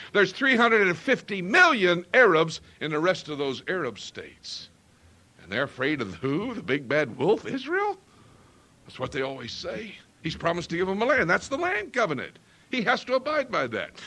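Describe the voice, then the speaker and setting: A man's voice: sits high, bright, forceful tone. A man preaching a sermon with an emphatic rising and falling cadence, often asking the congregation questions.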